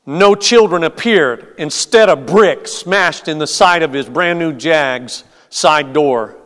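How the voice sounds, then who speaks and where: A man preaching as a pastor, telling a story in a slow, measured way with hesitant fillers. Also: fairly high pitch, fairly bright tone. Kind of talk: sermon with storytelling. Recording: long hall reverb.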